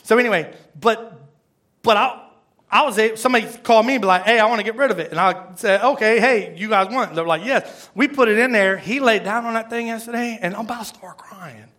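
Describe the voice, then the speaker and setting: A man's voice: high voice, fast talker, sharp tone. A man, a pastor, giving a conversational sermon, rambling, repeating words and asking the congregation questions.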